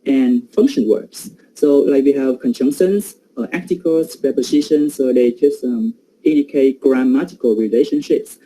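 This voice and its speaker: A man's voice: mid-range voice, moderate pace, mellow, low-quality recording. A man giving an academic presentation on pronunciation, hesitant and full of fillers.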